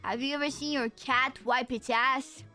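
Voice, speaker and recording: A young woman with a Romanian accent chats loosely with her viewers, joking and full of slang. Her voice sits high and sounds bright and sharp. Faint music plays underneath. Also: fairly even intonation, moderate pace. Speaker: streamer. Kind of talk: casual chat with viewers.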